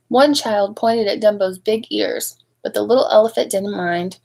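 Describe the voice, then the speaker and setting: A woman reading a picture book aloud to young children, expressive and adding chatty asides to her listeners. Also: medium pitch, normal speed, few pauses, poor audio. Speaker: storybook reader at a speech clinic.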